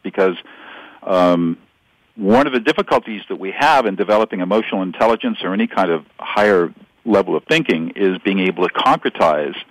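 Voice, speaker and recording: A man with a lowish voice talks through his ideas in a relaxed interview. He explains with animation, often acting out little example exchanges. The sound is dry and close, with no room around it. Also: dry recording, poor audio. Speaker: guest expert. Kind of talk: conversational interview.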